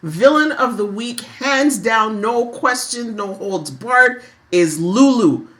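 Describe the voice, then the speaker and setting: A woman's voice: on the high side, lively intonation, slow pace. A woman co-hosting a soap opera podcast, chatting casually and cutting in with wry, teasing remarks. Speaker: podcast co-host.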